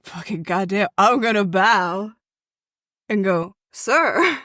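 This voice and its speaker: A woman's voice: mid-range voice, fairly even intonation, takes it slowly, a bit bright, no echo, clean studio sound. A woman playing a tabletop game, giggly and exclaiming, swearing freely as she reacts in character. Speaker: player.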